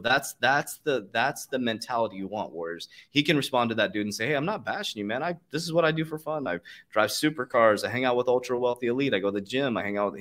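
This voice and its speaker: Male podcast host, fired-up motivational delivery with swearing, mid-range pitch. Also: fairly bright tone. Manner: fired-up, profane motivational talk. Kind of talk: casual podcast conversation.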